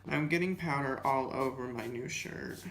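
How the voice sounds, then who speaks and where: A man's voice: medium pitch, moderate pace, a bit bright. A young man talking casually to the camera while doing his makeup, rambling and chatty, with lots of "like" fillers. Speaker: beauty vlogger. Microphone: camera mic, seated in front of the camera. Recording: echoey room with faint music.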